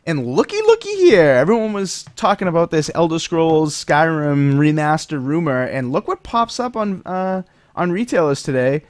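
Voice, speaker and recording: A man hosts a casual gaming podcast, his voice sitting a little high and his talk full of fillers as he reads out chat questions. The sound is dry and close, with no room around it. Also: animated, moderate pace, no echo. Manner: rambling, lots of fillers, reads chat comments aloud. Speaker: podcast host.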